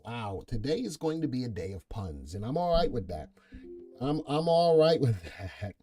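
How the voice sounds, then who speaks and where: Playful punning man hosting live, mellow voice. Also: mid-range voice, big pitch swings, moderate pace, soft background music. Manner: playful, punning, reads viewer comments aloud. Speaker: stock market show host. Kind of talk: live market update chat with viewers.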